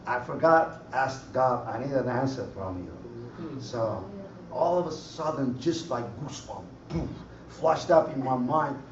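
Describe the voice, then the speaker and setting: A man's voice: mid-range voice, a little slow. Guy telling his church testimony, broken english, echoey far-off lo-fi recording. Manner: animated storytelling, broken English, laughs often. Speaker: church member giving testimony. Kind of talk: personal testimony at a church conference. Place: conference hall. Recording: roomy hall, far mic, dull lo-fi, faint noise.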